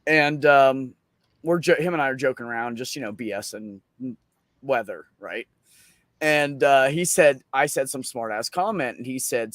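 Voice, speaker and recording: A man telling a funny story in a casual, profane, animated way at an open mic. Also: medium pitch, normal speed, no room sound.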